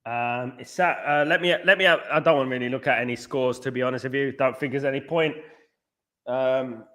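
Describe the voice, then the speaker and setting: Bright-voiced man hosting a late-night football watchalong. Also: mid-range voice, fairly even intonation, brisk. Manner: rambling, reads viewer comments aloud and answers them; blunt and scornful about the match. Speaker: watchalong host. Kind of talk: live football watchalong chat.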